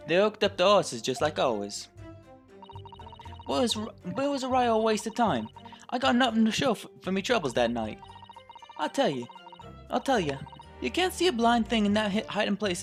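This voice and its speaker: A man's voice: high-pitched, very animated, normal speed, pauses often, faint music behind, voice pushed up. A man voicing a cocky young female pickpocket. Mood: chatty. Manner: brash, defiant, slangy.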